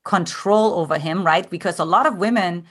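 A woman's voice: lowish voice, moderate pace, a bit bright, husky. A woman who hosts and coaches, chatting reflectively about relationships with her guest. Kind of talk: conversational interview.

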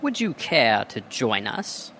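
A man's voice: mid-range voice, sing-song, takes it slowly, bright, forceful tone, slight background noise, voice pushed up, exaggerated voice. A man voicing a polite, formal male chimpanzee with a British accent, speaking in a courteous and precise way. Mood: inviting.

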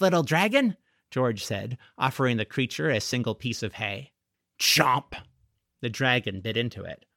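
A man narrating a family novel with a lively, expressive delivery that rises and falls a lot. His voice is bright and somewhat high, recorded close and dry. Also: dry recording. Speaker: audiobook narrator. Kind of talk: scripted narration.

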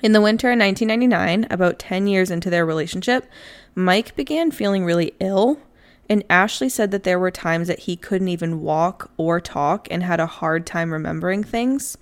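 A woman's voice: lowish voice, normal speed. A young woman co-hosting a podcast, casually telling a true crime story in a chatty, laid-back way. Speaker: podcast co-host narrating a true crime case.

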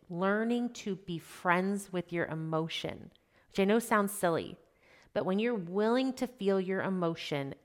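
A woman in her thirties, a life coach talking to mothers in a conversational way, often checking in with "okay?" and "right?". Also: fairly low pitch.

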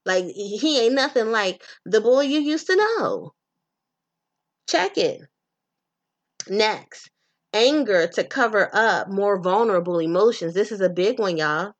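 Woman podcast host, casual profane monologue, animated and direct with listeners. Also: mid-range voice, slow pace.

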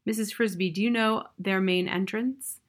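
A woman reading the lines of a wise, formal male owl in a grave, measured manner. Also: medium pitch, fairly even intonation, lightly acted. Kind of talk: audiobook reading.

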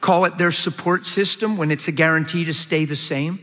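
A man preaches a sermon with a high, bright and forceful voice. He talks emphatically, jumping up into excited peaks. The sound carries a long reverb, as if from a large hall. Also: normal speed. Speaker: pastor.

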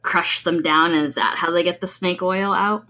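A woman's voice: on the low side, fairly even intonation, moderate pace, bright, forceful tone. A woman co-hosting a casual comedy podcast who makes playful, sarcastic remarks. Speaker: podcast co-host.

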